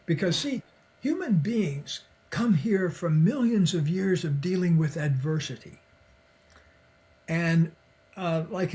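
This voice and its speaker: An older man, a psychologist and author, talking in a relaxed, reflective way as a podcast guest, chuckling often and acting out the people in his stories. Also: on the high side. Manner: reflective, chuckles often, acts out quoted voices. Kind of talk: relaxed conversational storytelling.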